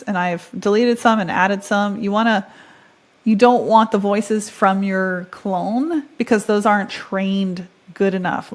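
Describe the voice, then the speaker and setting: A woman in her thirties hosts a casual software tutorial. She sounds chatty and upbeat, thinking aloud while she clicks. Her voice sits in the middle range. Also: medium pitch. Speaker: tutorial host. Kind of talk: casual screen-share tutorial.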